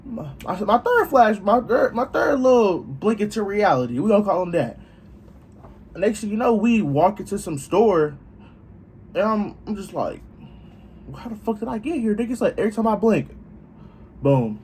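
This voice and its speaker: Young man, vlog storytelling, lively jumpy pitch, a bit high, profane, acts out dialogue. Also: unhurried, long pauses, a little hiss or hum. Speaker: vlogger.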